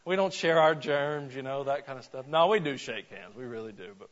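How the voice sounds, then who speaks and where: A preacher from Georgia talks to his congregation in the sanctuary with a folksy, conversational style, asking them lots of questions and frequently starting over. He speaks fairly quickly at medium pitch, and the audio sounds dull.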